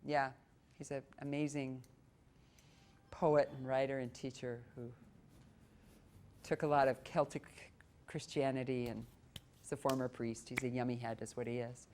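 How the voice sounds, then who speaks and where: Animated Midwestern woman voice coach. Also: a bass voice, moderate pace, pauses often. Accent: Upper Midwest American. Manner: warm, animated, breaks into short sung phrases. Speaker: voice coach and presenter. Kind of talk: library presentation talk. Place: public library meeting room.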